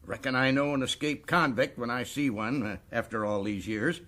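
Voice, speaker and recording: An actor playing a boastful, folksy prison governor in a radio drama. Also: male voice, mid-range voice, normal speed, a bit bright, close to an everyday voice.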